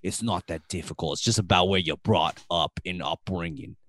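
A man's voice: low-pitched, moderate pace, fairly bright tone, no echo. A man from Staten Island, co-hosting a casual podcast chat, joking and bantering. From Staten Island, New York. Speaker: podcast co-host.

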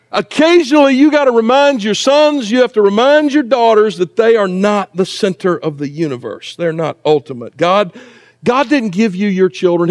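A high-voiced pastor preaches a sermon in a church sanctuary, speaking conversationally with asides and humor.

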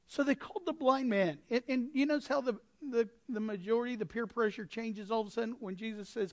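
A male pastor preaching a sermon with a folksy, anecdotal manner, swinging from quiet asides to sudden shouts. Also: extremely high pitch, brisk. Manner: impassioned, breaks into sudden shouts.

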